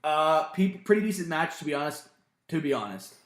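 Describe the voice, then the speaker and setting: Brief: man, podcast co-host, slightly higher voice, lively casual recap, roomy echo. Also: brisk. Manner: animated, swears freely, acts out quotes in loud bursts.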